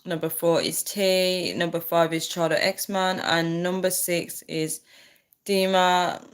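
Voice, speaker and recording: A woman's voice: on the low side, fairly even intonation, slow. Tired woman giggling through a livestream. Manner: laughs often, giggling fits, reads viewer comments aloud. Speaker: livestream host. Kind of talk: casual livestream chat reading out comments.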